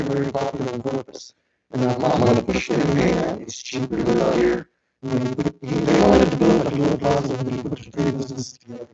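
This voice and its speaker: A man's voice: medium pitch, gravelly. A man, speaking earnestly and with emotion as an applicant at a city council meeting. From South Texas. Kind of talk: impassioned public remarks. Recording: muffled meeting recording with background noise.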